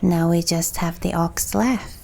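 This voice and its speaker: A soft-spoken woman whose first language is not English narrates her gameplay calmly and reads out the game text. Her voice is gravelly, dark and mellow, and she speaks slowly, with faint music underneath. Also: on the low side. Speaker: let's play host.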